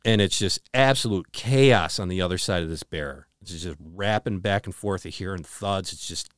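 A man co-hosting a podcast, retelling a story earnestly with halting restarts and a hushed, slowed delivery on dramatic moments. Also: no room sound, clean studio sound. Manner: slows and drops to a low hush on dramatic moments. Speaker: podcast co-host. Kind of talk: casual storytelling chat.

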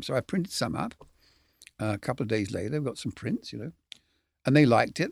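Gravelly older Englishman telling stories. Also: medium pitch, big pitch swings, fast, dry recording, clean studio sound. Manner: rambling, candid, swears casually, chuckles. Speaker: guest, film cameraman. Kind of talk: anecdotal storytelling.

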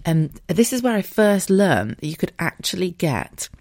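A woman's voice: lowish voice, big pitch swings, normal speed, darkish tone. A woman hosting a podcast, telling a personal story in a casual, rambling way, open, emotional and a little sweary. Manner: chatty and rambling, with asides and frequent laughter. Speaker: podcast host.

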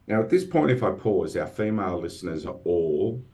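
Man, podcast host, very low voice, wry, chatty. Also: lively intonation, a little fast, few pauses, dark tone. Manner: wry, self-deprecating, chatty. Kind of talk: casual podcast chat.

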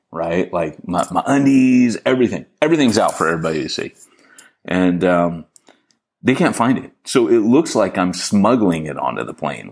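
A man's voice: low voice, husky. A man co-hosting a podcast, telling a rambling, self-deprecating story in a casual way. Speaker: podcast co-host.

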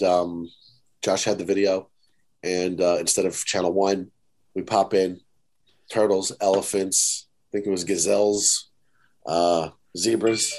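Guy telling stories on a podcast, laughs a lot, does little voices for people. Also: on the low side. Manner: animated, laughing, quotes people in put-on voices. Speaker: podcast guest. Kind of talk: casual storytelling.

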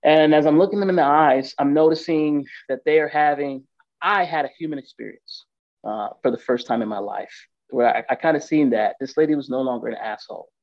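A man casually telling an emotional personal story, candid and animated, acting out the lines of the people in it. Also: on the high side, fairly quick, dry recording, dull audio. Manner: emotional, candid, animated retelling with quoted dialogue. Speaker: guest telling his story.

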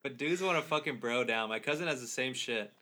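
Rambling young man with a bright voice. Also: medium pitch, a little fast. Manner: rambling, joking, lots of fillers and swearing. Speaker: podcast co-host. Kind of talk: casual chat.

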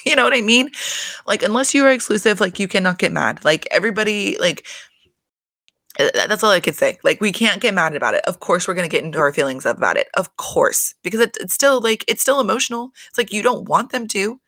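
Recap host, dry close sound, gravelly fry, foul-mouthed and chatty, speaks straight to the audience. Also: mid-range voice, animated, fairly quick, pushed and bright, no echo. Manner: chatty, profane, frequent filler "like"; addresses listeners directly. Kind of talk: casual solo recap chat.

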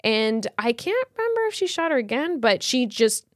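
Chatty woman storyteller with a fairly high voice. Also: big pitch swings, normal speed, no room sound, clean studio sound. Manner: chatty storytelling with slang and fillers. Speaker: podcast co-host. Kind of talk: casual chat.

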